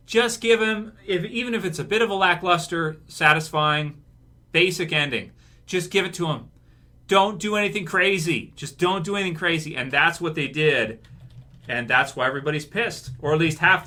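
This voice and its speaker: A man ranting in a vlog, repeating his points and firing off rhetorical questions. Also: sits high. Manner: animated, repetitive, rhetorical questions. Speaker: vlogger.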